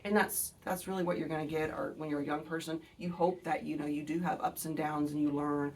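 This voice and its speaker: A woman's voice: deep voice, little pitch movement, fairly quick, a little mellow, far from the mic, a little hiss or hum. A woman in her forties with an Alabama accent, hosting a casual book video; she rambles, digresses and swears freely while talking straight to her viewers.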